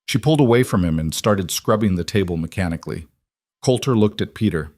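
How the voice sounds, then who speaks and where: A man reading a Western story aloud, in a calm and measured narration. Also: deep voice, dry recording, clean studio sound.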